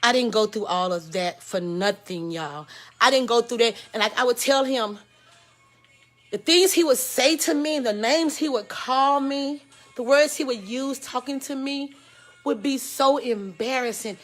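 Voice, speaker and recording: A woman in her forties from Texas tells a personal story in a frank, profane way, calling out to listeners as y'all. Her voice sits a bit high. Soft music runs underneath. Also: unhurried. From Houston, Texas. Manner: frank and profane, addresses listeners as y'all, swings between loud and hushed. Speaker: host.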